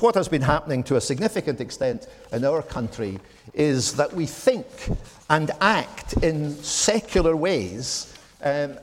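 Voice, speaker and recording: A Scottish man in his seventies giving a measured, reflective talk to a church audience, with frequent ums. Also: a little high. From Scotland. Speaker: speaker at a church gathering. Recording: long hall reverb.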